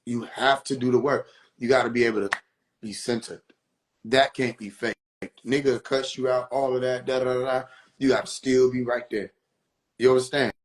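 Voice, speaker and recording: On his live stream, a man gives informal, preachy spiritual teaching, going over his points again and asking his viewers questions. His voice is medium in pitch with little movement, and he talks at normal speed.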